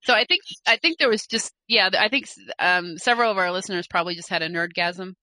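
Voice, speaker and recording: A woman co-hosting a casual podcast, talking in a loose, rambling way full of fillers and restarts. Her voice sits a little low but sounds bright and forward. The sound is dry and close, with no room around it. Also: fast talker, dry recording. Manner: chatty, rambling with fillers and self-corrections. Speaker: podcast co-host. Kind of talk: casual chat, reading listener mail.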